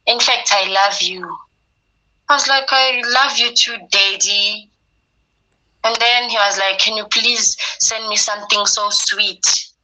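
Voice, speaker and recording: Bright-voiced woman. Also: mid-range voice, measured pace, rough recording. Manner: quotes herself and others in a lively retelling. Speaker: interviewee telling her story. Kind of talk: personal storytelling.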